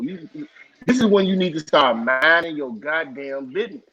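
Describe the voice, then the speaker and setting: A man's voice: a little high, normal speed, bright, forceful tone, lo-fi sound. A man in casual live-stream chat, talking heatedly and profanely with many fillers.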